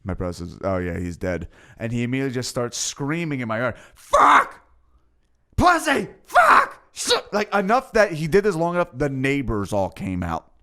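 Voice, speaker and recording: A man, a comedian co-hosting a podcast, telling dark stories in casual, profane, deadpan chat. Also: medium pitch, a little fast, smooth.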